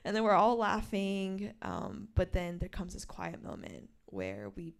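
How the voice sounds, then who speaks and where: A woman author reading from her graphic memoir and explaining its pages, a lively storyteller who acts out the quoted lines. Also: fairly low pitch, unhurried, gravelly. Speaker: author at a bookstore event.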